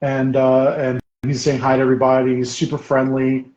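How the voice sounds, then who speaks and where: A man telling an animated story as a guest in a casual chat, laughing often while he paints. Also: mid-range voice, brisk. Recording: roomy, dull sound.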